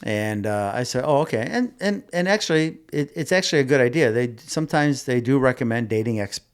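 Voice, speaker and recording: A man's voice: medium pitch, animated, fairly quick, clean tone. A middle-aged man hosting a podcast, telling a dating story in a rambling, casual way, with many restarts and asides. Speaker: podcast host.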